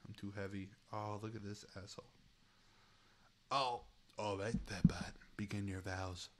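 A man's voice: lowish voice, steady tone, unhurried, fairly bright tone, a little hiss or hum. A man streaming a chat game, commenting casually, laughing often and swearing freely, and sounding short on sleep.

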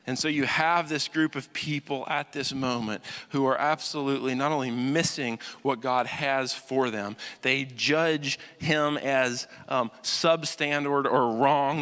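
A bright-voiced pastor preaching in a reverberant hall. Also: male voice, mid-range voice, moderate pace, few pauses. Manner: conversational preaching with rhetorical check-ins; acts out quoted voices, swings from loud to hushed. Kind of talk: sermon. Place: church sanctuary.

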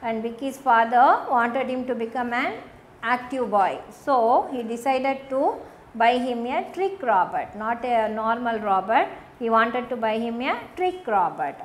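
A woman's voice: fairly high pitch, echoey room, slight background noise. A woman teacher with an Indian English accent, explaining a story lesson to young children, repeating and rephrasing as she goes. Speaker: school teacher. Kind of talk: recorded classroom lesson.

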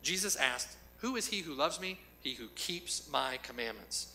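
Emphatic, bright-voiced male preacher. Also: medium pitch, lively intonation, moderate pace, few pauses, slight background noise, rough recording. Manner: emphatic preaching with rhetorical questions and repetition. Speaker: pastor. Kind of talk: sermon.

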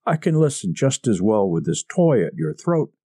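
A man reading a story, voicing a hard young man who speaks with cold, dangerous calm. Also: on the low side, normal speed, husky, dry recording. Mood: coldly calm. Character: hard young man, coldly suspicious, furious. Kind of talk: audiobook character reading.

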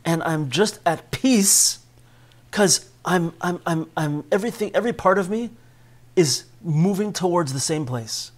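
A man with a somewhat high voice teaches a Torah class in a conversational way. He often tosses questions to his listeners. His delivery moves between calm, low explanation and raised, urgent stretches. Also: unhurried. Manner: frequent tag questions to listeners.

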